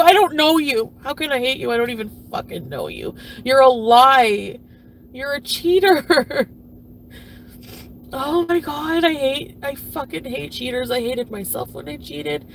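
A high, foul-mouthed jilted streamer rants, swinging between yelling and mumbling, as a woman puts her on for a puppet comedy. She sounds crude and self-pitying, with faint hiss under the voice. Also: very animated, measured pace, long pauses, exaggerated voice. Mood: bitter. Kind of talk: comedic impression of a livestream rant.

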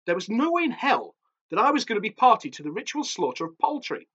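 A man, an author, reading his own horror story aloud in a measured, darkly theatrical way. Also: sits high, sing-song, a bit bright, slightly rough, highs cut off.

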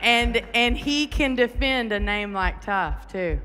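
A woman's voice: on the high side, lively intonation, takes it slowly, sharp tone. A young woman from the Texas panhandle with a Texas accent, chatting playfully on stage as an interview guest. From Texas panhandle, USA. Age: young adult. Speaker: guest, pastor's wife. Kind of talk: onstage interview. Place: large conference hall. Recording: live in a large hall with music.

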